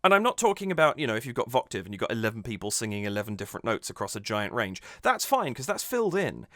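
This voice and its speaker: A man's voice: medium pitch, big pitch swings, quick pace, a bit bright, no echo, clean studio sound. A man hosting a music reaction channel, analysing a cover with enthusiasm and thinking aloud as he goes.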